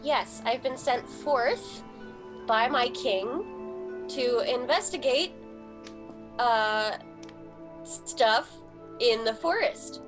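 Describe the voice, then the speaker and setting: A proud young princess who speaks in a formal, determined way and will not back down, as a woman plays her in a tabletop game. Her voice is fairly high and a little haughty. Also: extremely slow, long pauses, music in the background. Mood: insistent.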